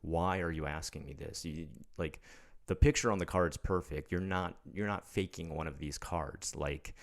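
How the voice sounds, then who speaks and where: A man with a very low voice tells a story casually. He sounds blunt and exasperated, with a mocking edge. He is in his thirties. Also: fairly even intonation, normal speed, vocal fry. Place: living in Japan.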